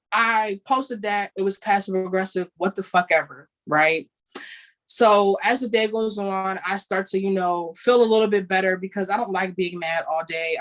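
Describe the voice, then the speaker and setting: A woman's voice: medium pitch, poor audio. A young woman hosting a podcast, telling a personal story bluntly, with swearing and quoted dialogue. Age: young adult. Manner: blunt, profane, animated retelling with quoted dialogue. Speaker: podcast host. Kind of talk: candid storytelling.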